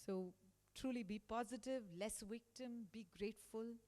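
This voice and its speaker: In a school hall with long reverb, a woman with a fairly high voice speaks at a moderate pace. As a guest speaker, she motivates school staff emphatically, voicing quotes in lively tones.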